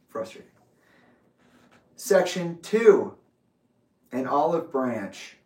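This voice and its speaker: A man reading his own letter aloud with asides, in a measured, deliberate way. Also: fairly high pitch, big pitch swings, dark tone. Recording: roomy echo, distant from mic.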